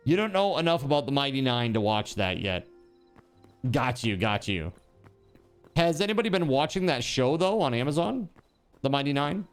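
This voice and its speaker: A man's voice: mid-range voice, big pitch swings, moderate pace, pauses often, smooth, soft background music. A man streaming a building game, chatting casually and answering his chat aloud.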